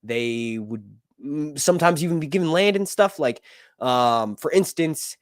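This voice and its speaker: An American YouTube commentator rants loosely and opinionatedly through casual commentary, full of fillers and tag questions. His somewhat high voice swings widely in pitch with lively intonation at a slightly slow pace, recorded dry with no room echo.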